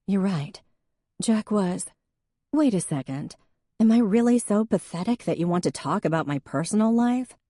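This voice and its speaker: Female deputy, earnest and impulsive, voiced higher by a woman reading an audiobook, mellow and dry. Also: expressive, moderate pace, no echo, close to an everyday voice. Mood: sheepish, warm. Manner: emotional, impulsive outbursts. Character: female small-town deputy, self-doubting and earnest.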